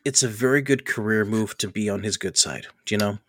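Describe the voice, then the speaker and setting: A man telling a personal story in a casual podcast chat, animated and acting out the people he quotes, often laughing. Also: lowish voice, a little fast, no echo, clean studio sound. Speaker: podcast host.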